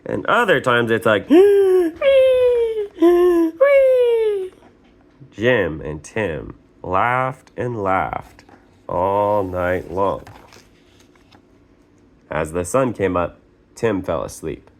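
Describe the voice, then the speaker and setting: A man's voice: sits low, lively intonation, slow pace, fairly bright tone. A man reading a picture book aloud, playful and adding sound effects. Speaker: reader.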